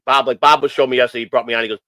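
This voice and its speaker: A man's voice: mid-range voice, steady tone, racing, pushed and bright, no room sound, rough recording. Rambling, earnest man talking. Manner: rambling, repeats phrases, many restarts; earnest and emotional. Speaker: host of a morning stream show. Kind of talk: casual rambling talk.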